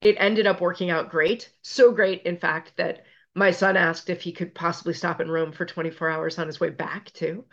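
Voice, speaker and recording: A woman physician and resilience expert, a podcast guest telling stories in an animated, wry, self-deprecating way. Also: fairly low pitch, moderate pace, muffled recording. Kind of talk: conversational podcast interview.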